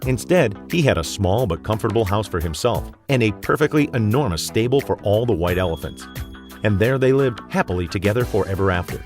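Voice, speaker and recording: Deep-voiced man reading a storybook. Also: expressive. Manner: measured, vivid narration. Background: background music.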